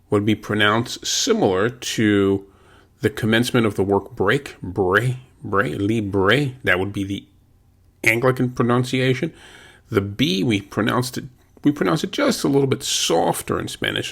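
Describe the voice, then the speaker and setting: A man teaching a language lesson, patiently saying words slowly and repeating them for practice. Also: lowish voice, gravelly, fairly bright tone.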